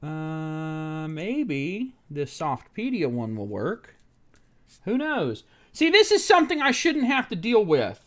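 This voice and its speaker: Man, live tech stream, exasperated cursing, swings from loud high outbursts to low mutters. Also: wildly swooping pitch, slow pace. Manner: exasperated, profane ranting at the screen; mutters technical steps under his breath. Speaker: streamer fixing a laptop.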